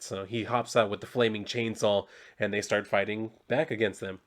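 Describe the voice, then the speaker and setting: A man's voice: on the low side, steady tone, moderate pace. Casual, swearing comic recap guy. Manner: casual, swears, filler-heavy. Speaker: comic book reviewer.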